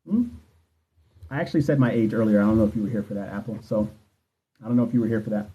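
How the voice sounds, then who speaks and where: This thirties-aged nursing exam coach has a lowish, mellow voice and talks at a quick pace, muffled through a phone livestream. Candid and profane, he addresses viewers straight on while fielding their questions in loose conversation.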